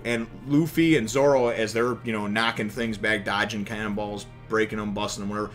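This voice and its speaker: A man in his thirties casually reviewing a comic chapter from his home office, animated and emotional, swearing now and then. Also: fairly low pitch, a little fast, few pauses, soft background music.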